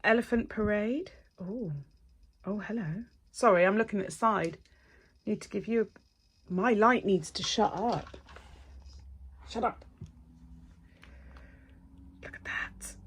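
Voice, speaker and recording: A middle-aged woman, chatting casually as a nail technician. She gushes and gets excited, and sometimes drops to a breathy whisper. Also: medium pitch, a little slow, long pauses. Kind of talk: casual unboxing chat.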